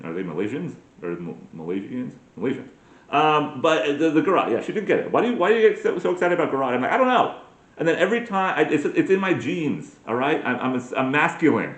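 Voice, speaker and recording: A man's voice: on the low side, roomy sound. A man delivering a rambling, crude, self-mocking comedy monologue, often breaking into put-on voices. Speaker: comedy podcast host.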